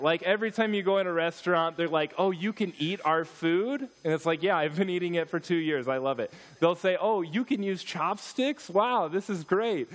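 A man speaking to a church gathering, slipping jokes and stories into his talk. His voice sits a touch higher than most men's. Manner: storytelling, joking, animated asides. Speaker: missionary speaker.

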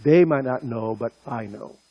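A male preacher delivering a sermon, impassioned and speaking directly to his listeners, pushing his voice higher and louder on key points. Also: moderate pace, no echo, dull audio. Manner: impassioned, rising in pitch and loudness on key points.

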